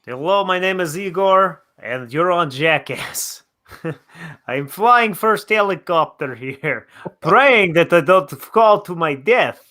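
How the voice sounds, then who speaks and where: A man's voice: high-pitched, expressive, slow, pushed and bright, voice pushed up, full character voice. A man voicing a nervous male pioneer pilot introducing a stunt, in a jokey mock-announcing manner.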